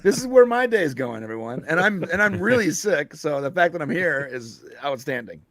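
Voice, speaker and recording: A man's voice: on the high side, sing-song, brisk, fairly bright tone. A man co-hosting a panel show, joking with stumbling restarts. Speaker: co-host, board operator. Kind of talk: casual panel chat.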